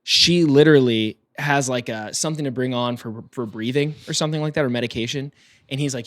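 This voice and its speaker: A man's voice: medium pitch, fast talker, no room sound. Young man telling a story with gusto. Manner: animated storyteller, acts out quoted people. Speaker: podcast co-host. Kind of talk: casual storytelling chat.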